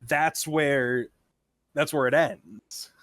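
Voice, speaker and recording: A man's voice: medium pitch, very slow, fairly bright tone, no room sound, studio quality. A man co-hosting a podcast, retelling a show in a rambling casual chat full of fillers and quoted lines. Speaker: podcast co-host.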